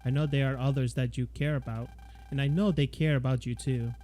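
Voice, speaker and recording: Man playing a loving dad, soft, encouraging, game dub. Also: mid-range voice, fairly even intonation, a little fast, faint music behind, lightly acted. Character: gentle loving father.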